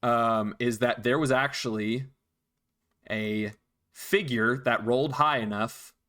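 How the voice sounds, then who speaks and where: A man's voice: medium pitch, steady tone, slow, fairly bright tone. A man acting as dungeon master, patiently explaining rules and counting out moves in casual chat. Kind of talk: narrating a tabletop game.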